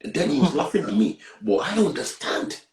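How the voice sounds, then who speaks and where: A man's voice: on the high side, a little fast. Earnest man in an echoey room. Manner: earnest, animated, swings between hushed and loud. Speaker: guest sharing a personal testimony. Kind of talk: candid testimony on a talk show.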